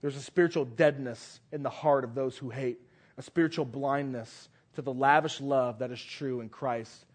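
A male pastor preaching a sermon, stressing phrases by repeating them and swinging between loud declarations and hushed lines. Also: medium pitch, fairly even intonation, normal speed.

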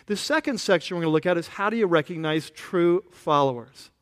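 A pastor giving a conversational sermon, often asking the congregation questions. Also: male voice, high voice, brisk, clear, resonant tone. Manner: casual, asks the congregation questions.

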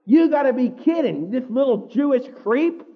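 A preacher putting on a scornful Roman commander. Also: male voice, very high-pitched, animated, normal speed, long reverb tail, voice pushed up, full character voice. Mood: mocking. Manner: mocking, incredulous. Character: scornful Roman commander, middle-aged man. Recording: tinny phone-like sound.

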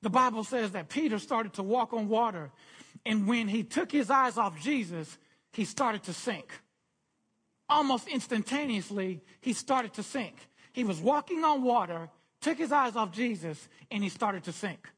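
A man's voice: high voice, animated, normal speed, a bit bright, slightly rough. A man preaching a sermon as pastor, earnest and repetitive, often restarting his phrases.

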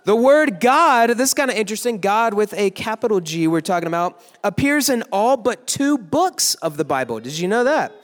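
A young man giving a joking youth sermon, teasing the crowd with quick asides in a large worship hall. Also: high voice, very animated. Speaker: youth pastor. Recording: echoey hall.

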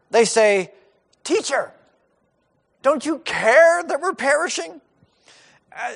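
Male pastor, high and swooping voice, animated storytelling sermon. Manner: animated, acts out the disciples' panic in asides.

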